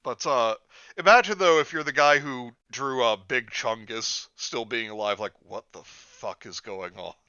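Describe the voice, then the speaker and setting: A man's voice: medium pitch, measured pace, sharp tone, clean tone, no room sound, dull audio. A man co-hosting a casual podcast, riffing and joking. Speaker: podcast co-host.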